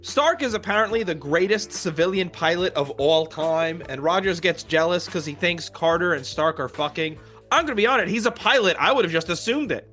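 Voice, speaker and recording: High, bright-voiced man recapping a movie. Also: lively intonation, brisk, soft background music. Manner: recaps scenes with quoted lines and laughs. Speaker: podcast co-host. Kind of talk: casual movie discussion.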